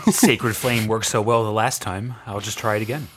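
A man with a low voice talks casually while he plays a tabletop game. He delivers his lines with wry, dry humor. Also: moderate pace, a crowd in the background. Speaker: player.

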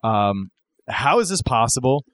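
Man, podcast host, casual chat, lively pitch, dry room. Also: measured pace, no echo.

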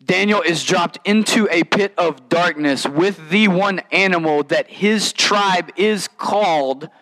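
Animated, conversational male preacher. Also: high-pitched, slow, poor audio. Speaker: pastor. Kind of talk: sermon.

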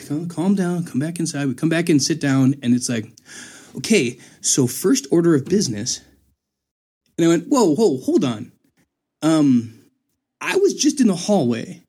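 Animated young man telling a story. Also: fairly high pitch. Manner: animated, laughing, acts out voices. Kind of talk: casual chat.

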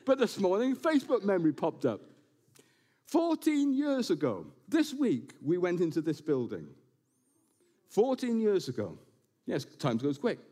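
A man preaching a sermon to his congregation in a church building, animated and quick to slip in jokes and asides. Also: high-pitched. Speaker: pastor.

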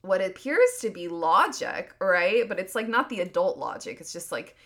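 A woman in her thirties runs a solo podcast with a medium-pitched, fairly bright, expressive voice at a moderate pace. She rambles earnestly in a casual monologue, saying "like" a lot and frequently starting over.

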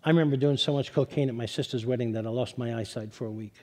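A middle-aged man with a New York accent, a pastor telling his testimony to a congregation, lively when joking and low and quiet when serious. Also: quick pace. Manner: animated storytelling, turning low and quiet for serious parts. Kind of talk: sermon testimony.

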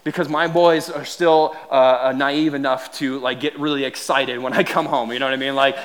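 A man in his thirties preaching a sermon as a pastor, telling a family story with lively acted-out dialogue and frequent restarts. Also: medium pitch, fairly quick.

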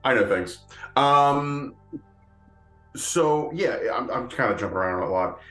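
Slow-talking man, rambling podcast chat. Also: mid-range voice, expressive, bright, forceful tone, roomy sound, soft background music. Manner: rambling, many fillers and restarts, laughs often. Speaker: podcast co-host. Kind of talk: casual chat.

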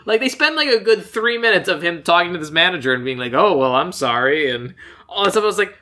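A man's voice: high-pitched, quick pace. A man hosting a podcast, animatedly recapping a movie in casual comedic chat. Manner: animated storytelling, frequent laughter. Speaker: podcast host.

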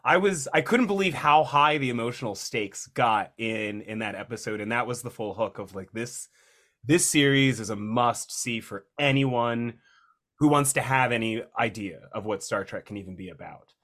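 A man's voice: medium pitch, normal speed, a bit bright. A man with a mid-range voice co-hosts a casual podcast. He talks enthusiastically and rambles, often restarting his sentences as his thoughts catch up. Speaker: podcast co-host. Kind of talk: casual chat.

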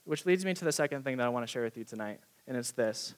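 A young youth pastor preaches a casual, earnest sermon in a medium-pitched, animated voice, talking fast. He leans heavily on "like" as a filler and acts out little conversations as he goes.

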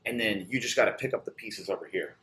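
A man's voice: fairly low pitch, quick pace, a bit bright. A man who owns a barbershop and trains an apprentice, chatting casually in a loose, profane way with lots of filler. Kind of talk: casual chat. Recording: roomy recording with faint ambience.

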